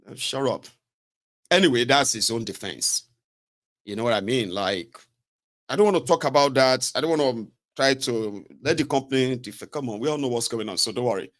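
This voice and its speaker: A Nigerian man rambles through casual political commentary, his pitch rising and falling freely. He mocks and scolds as he goes, slipping between English and pidgin. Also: animated, normal speed. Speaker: commentary host.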